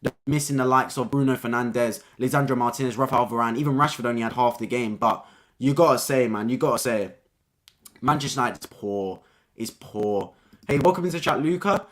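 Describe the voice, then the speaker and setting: A young man hosting a live-stream football review, talking casually and excitedly, repeating his points and ending lines with "man". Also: mid-range voice, brisk.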